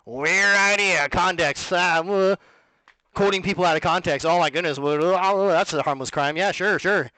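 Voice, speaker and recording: A slick male TV ad salesman, as a man puts him on, with a high, theatrical sales pitch that booms. The sound is dry and close, with no room around it. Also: moderate pace, sharp tone, dry recording. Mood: salesy.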